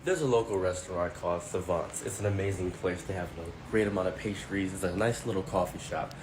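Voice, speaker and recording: A man tells a first-person story in a blunt, indignant, conversational way. His voice sits a bit low, with a faint background noise under it. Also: fairly quick.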